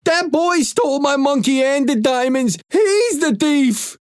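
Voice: high voice, animated, a little slow, no room sound, studio quality, pitched above the performer's own voice. A narrator voicing a desperate male thief in an audiobook, pleading and whiny. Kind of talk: audiobook reading.

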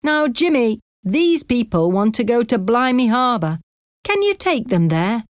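A friendly Irish cab driver talks in a chatty, reassuring way, as a woman reader puts him on. The voice swings brightly up and down and stays unhurried. It sounds dry and close, with no room around it. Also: a little high, very animated, no echo, pitched above the performer's own voice. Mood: cheerful. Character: friendly middle-aged male Irish taxi driver.

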